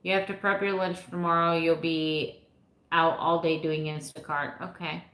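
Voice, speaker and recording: A woman's voice: low voice, level tone, normal speed, a bit bright. A woman in her fifties chatting casually with her live viewers, rambling a little and laughing often. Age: 50s. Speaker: vlogger answering live chat. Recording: echoey room.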